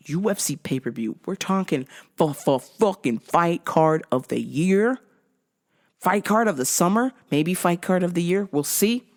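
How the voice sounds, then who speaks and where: A woman hosting a vlog, giving casual, profane, giggly commentary full of slang. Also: on the low side. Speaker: vlog host.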